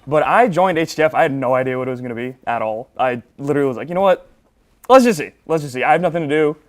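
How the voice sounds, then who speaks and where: Young man, student analyst, impromptu goodbye, emotional, near tears, slightly high pitch. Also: animated, fast. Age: young adult. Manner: emotional, fighting back tears. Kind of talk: impromptu farewell speech.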